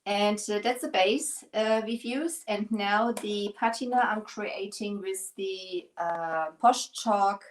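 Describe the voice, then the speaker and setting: A woman with a German accent talks her viewers through a live craft project. Her pitch sits mid-range, and she chats loosely and warmly, pokes fun at herself and keeps going as she works. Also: slow pace, few pauses, poor audio. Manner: chatty, rambling, self-deprecating. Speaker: craft stream host.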